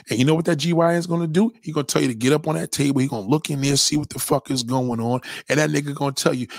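A man's voice: on the high side, very fast, vocal fry, hardly any pauses, no room sound, clean studio sound. A man hosting a livestream, giving a crude, profane rant in a blunt, lecturing way and reading out messages from his chat. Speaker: livestream host.

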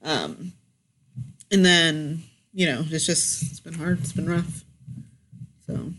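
A woman's voice: sits low, takes it slowly, fairly bright tone, a little hiss or hum. A woman co-hosting a podcast, talking candidly and emotionally in casual chat, often laughing. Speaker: podcast co-host.

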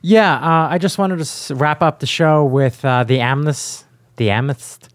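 A man's voice: a little high, a little slow, dry recording, studio quality. Laid-back man in his thirties. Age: 30s. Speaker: podcast co-host. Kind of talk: casual chat.

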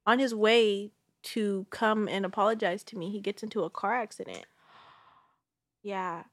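A young woman in her twenties, appearing as a guest, casually tells a long personal story, animatedly acting out the quotes. Her voice is medium-pitched at normal speed, with no echo.

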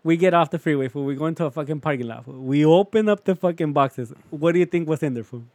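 A young man tells a story in loose, profane slang, dropping "fool" into nearly every line. His voice sits a little high for a man. The sound is dry and close, with little room around it. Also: fast, darkish tone, no echo. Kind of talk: casual storytelling chat.

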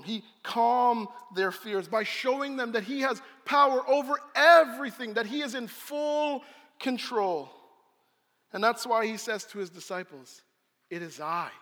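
A man preaches with a high, bright voice, acting out the scene he describes. His words ring through a large room with a long reverb trailing behind them. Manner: animated storyteller, acts out scenes. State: out of breath. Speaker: pastor. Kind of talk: sermon.

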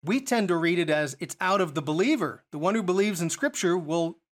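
A man's voice: sits high, lively intonation, a little fast. A man teaching a Bible study lesson, explaining verses and asking rhetorical questions as he goes.

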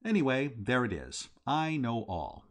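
A man voicing a breezy, talkative young English gentleman with a jaunty, bluff manner. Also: medium pitch, very animated, measured pace.

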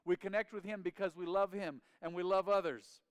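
A man in his forties preaching in church, lively and inviting the congregation to call back. His voice is smooth and resonant, pitched slightly high for a man. The sound is dry and close. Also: brisk, no echo. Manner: animated preacher, calls for congregation responses. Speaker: pastor. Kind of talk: sermon. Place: church sanctuary.

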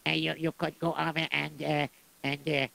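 Man doing a meek poor shoemaker, stammering, gravelly, bright. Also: a little high, flat delivery, moderate pace, heavily acted. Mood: flustered. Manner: stammering, hesitant.

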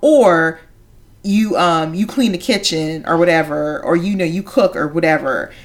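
This is a woman in her thirties co-hosting a podcast in casual chat. She speaks in a lower register and tells lively stories. She acts out the other people in them, and laughter comes through often. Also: a little slow. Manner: animated storyteller, acts out quotes, frequent laughter. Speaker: podcast co-host.

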